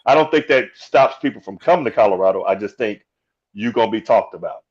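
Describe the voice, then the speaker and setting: A man's voice: on the low side, animated, fast, a little mellow, breathy edge. A man co-hosting a casual sports talk show, joking in a loose, easygoing way. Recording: dull lo-fi audio.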